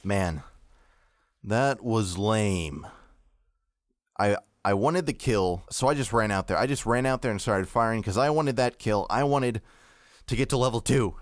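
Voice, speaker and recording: With a lowish voice at a measured pace, a young man narrates his own gameplay in a joking, self-mocking way. It's casual game commentary, recorded with no echo.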